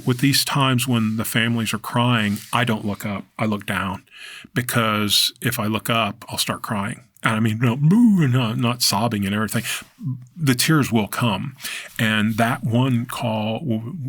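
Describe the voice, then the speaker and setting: A man guesting on a podcast, telling a story in a halting, reflective way with many fillers and restarts. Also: mid-range voice, a bit bright, no room sound. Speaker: podcast guest, decedent remover. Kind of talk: casual interview storytelling. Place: podcast studio.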